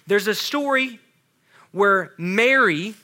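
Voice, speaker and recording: A man preaching a casual, animated sermon to a youth group. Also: high-pitched, slow. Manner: casual, animated, talks to students with "y'all". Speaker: youth pastor.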